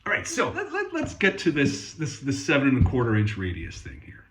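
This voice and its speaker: A man's voice: mid-range voice, wildly swooping pitch, a little fast, fairly bright tone, roomy sound. A man hosting a guitar workshop channel, talking in a casual, sweary, sarcastic and rambling way. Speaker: guitar technician and channel host. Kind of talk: casual ranting demo.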